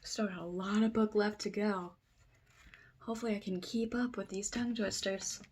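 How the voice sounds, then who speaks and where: A woman reading a children's book aloud at circle time, trying tongue twisters slowly and then fast, with playful asides. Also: mid-range voice, steady tone, darkish tone, a little hiss or hum. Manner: reads tongue twisters slowly, then races through them, comments playfully.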